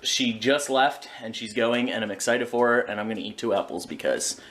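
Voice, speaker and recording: A man's voice: mid-range voice, fairly quick, a bit bright, slight background noise. A man talking casually in a home vlog, chatty and self-mocking, with a kitchen around him. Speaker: vlogger.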